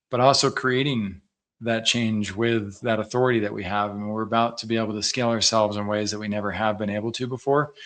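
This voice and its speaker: A man's voice: lowish voice, fairly bright tone. A man hosting an interview podcast, speaking earnestly to his listeners in a closing segment. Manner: earnest, addresses audience as friends. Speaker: podcast host.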